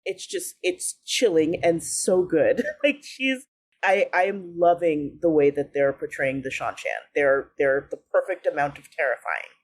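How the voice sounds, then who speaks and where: Chatty lower-pitched woman podcaster. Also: measured pace, husky. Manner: enthusiastic, chatty, laughs often. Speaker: podcast co-host. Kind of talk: casual chat.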